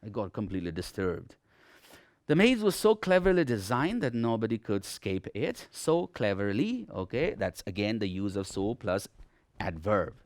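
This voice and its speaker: A man's voice: lowish voice, moderate pace, no echo, clean studio sound. A man teaching a televised English grammar lesson, emphatic and often checking in with "okay?". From Nepal. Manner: emphatic, repeats "okay?" often, lively classroom delivery.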